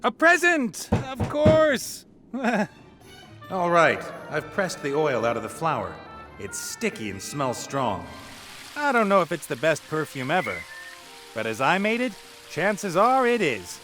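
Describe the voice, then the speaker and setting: A man's voice: a little high, big pitch swings, unhurried, a bit bright. A man voicing a sly young adventurer posing as a hatter in a video game, teasing and mock-gallant. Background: game music.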